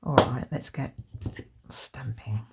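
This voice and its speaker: A woman hosting a crafting video, chatting casually to camera and getting excited over her materials, with lots of tag questions. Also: very deep voice, slow, creaky. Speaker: crafting channel host.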